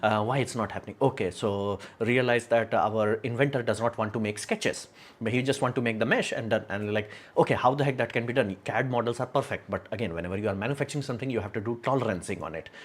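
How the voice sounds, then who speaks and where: A man's voice: mid-range voice, fast talker. Frank rambling man on a livestream. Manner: rambling, frank, laughs often, many fillers. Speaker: livestream host. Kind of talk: casual livestream talk.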